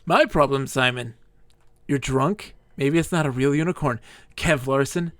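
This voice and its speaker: A man's voice: mid-range voice, unhurried, a bit bright, no room sound. A drunk man streaming a game live, rambling and giggling as he talks, sometimes squealing and sometimes murmuring. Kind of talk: live gameplay commentary.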